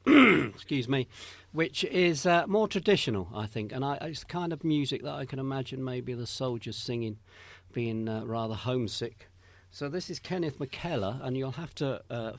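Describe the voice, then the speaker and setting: A man presenting a community radio show, interviewing a guest in an affable manner with frequent backchannels. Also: mid-range voice. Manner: affable, laughs easily, backchannels often.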